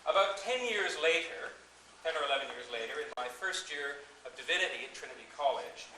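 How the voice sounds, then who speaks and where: Middle-aged priest, echoey hall. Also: male voice, a little high, expressive, brisk, pushed and bright. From Canada. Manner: wry anecdotal storytelling. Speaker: associate priest. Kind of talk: retirement party speech. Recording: echoey distant recording with noise.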